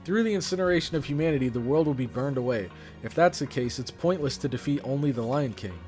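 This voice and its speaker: A man voicing a proud, arrogant pharaoh king while reading game dialogue aloud, speaking in a haughty, cold, deliberate way. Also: medium pitch, lively intonation, a little mellow, soft background music, close to an everyday voice.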